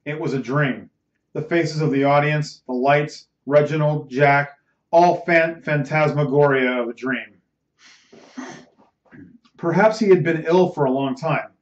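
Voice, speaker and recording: A man reading a novel aloud as host of a bedtime reading show, measured and dramatic. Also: fairly high pitch. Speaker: audiobook reader, host. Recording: roomy, slightly muffled recording.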